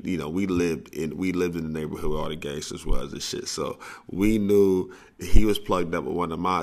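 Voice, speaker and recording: Deep, gravelly man telling a story. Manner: rambling, repeats and restarts phrases, laughs often through the story. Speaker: podcast host, coach. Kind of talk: casual storytelling.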